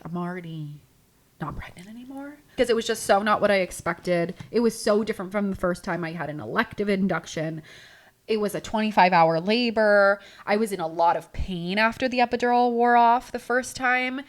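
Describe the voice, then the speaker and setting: A woman hosting a podcast, telling a personal story in a chatty, animated way, full of "like" and acted-out quotes. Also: mid-range voice, brisk. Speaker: podcast host.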